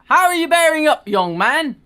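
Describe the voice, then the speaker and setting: A hearty, booming old country vicar , as a reader puts him on, fatherly and pleased with everyone. The put-on British accent lifts high and swings all over, with a bright, sharp edge. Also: very animated, moderate pace, full character voice. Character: kindly elderly male country vicar. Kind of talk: comic dramatic reading.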